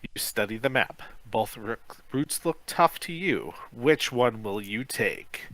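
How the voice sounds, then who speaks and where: Male podcast reader, lively with asides; bright tone, very dry close sound. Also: mid-range voice, slow pace, dry recording, low-quality recording. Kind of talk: reading a kids' adventure book aloud.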